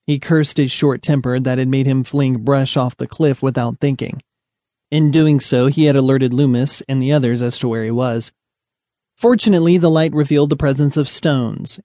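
Steady male audiobook narrator, dry sound. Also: mid-range voice, dry recording.

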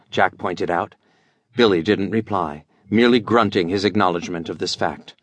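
A man reading an adventure audiobook as scripted narration, with animated storytelling. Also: lowish voice, moderate pace, no echo.

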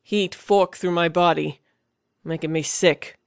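A man's voice: on the high side, fairly even intonation, unhurried, gravelly, clean tone, no echo, clean studio sound. A man reading a first-person fantasy audiobook in a tense, vivid storytelling manner. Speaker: audiobook narrator.

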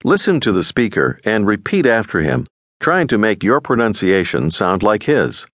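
Patient male course narrator, lively pitch. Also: normal speed, no room sound, studio quality. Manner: clear, patient, instructive. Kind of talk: scripted audio lesson instruction.

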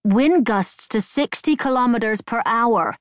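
A woman's voice: on the high side, animated, unhurried, dry recording, studio quality, pitched above the performer's own voice. A woman doing a mischievous old mother. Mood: blunt. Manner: teasing, reads aloud from the television. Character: elderly mother, coarse and mischievous.

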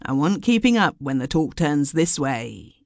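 A woman voicing a blustering, stout male commercial traveller with a husky voice. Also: low voice, sing-song, unhurried, no echo, studio quality, full character voice. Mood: jovial.

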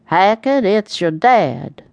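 A woman voicing a grumpy old father who talks bluntly and slowly in an audiobook. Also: medium pitch, sing-song, creaky, darkish tone, no echo, lo-fi sound, exaggerated voice. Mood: gruff.

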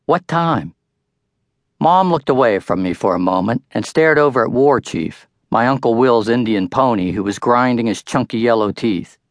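A man's voice: medium pitch, normal speed, few pauses, no room sound, studio quality. Wry older man reading an audiobook. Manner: wry, storytelling first-person narration. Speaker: author-narrator. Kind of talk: audiobook narration.

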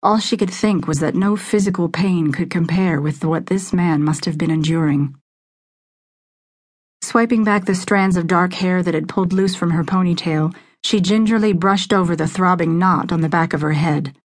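A woman reads a suspense novel aloud in measured, even audiobook narration. Her voice sits slightly low for a woman, steady through the tense scenes.

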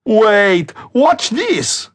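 A man voicing a brash, excitable young show-off in an audiobook, loud and eager to impress. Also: fairly high pitch, slow pace, a little hiss or hum, exaggerated voice.

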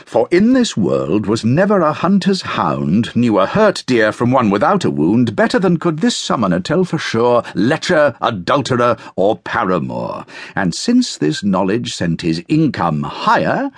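Slow, theatrical British male narrator. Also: husky, dry recording, clean studio sound. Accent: British English. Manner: measured, theatrical reading with lively swings of pitch. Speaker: audiobook narrator. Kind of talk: scripted narration of a verse tale.

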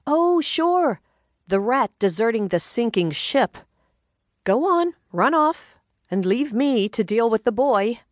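A woman voicing a wry, sharp-tongued older mother who speaks sarcastically in a raised, exclaiming voice. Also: on the high side, big pitch swings, slow pace, no room sound, studio quality, pitched above the performer's own voice. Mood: sarcastic.

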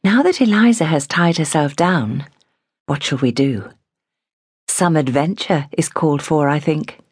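A woman's voice: deep voice, animated, unhurried, a little mellow, breathy edge, no echo, clean studio sound, full character voice. A woman reading the part of a confident, worldly young woman who talks in a teasing, breezy way. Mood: coaxing.

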